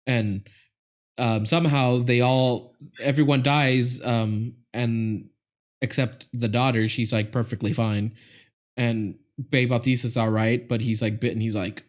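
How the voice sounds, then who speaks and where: A man's voice: medium pitch, steady tone, unhurried. A man hosting a podcast, retelling a film in a rambling, laughing way with many restarts. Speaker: podcast host. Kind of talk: casual movie recap chat.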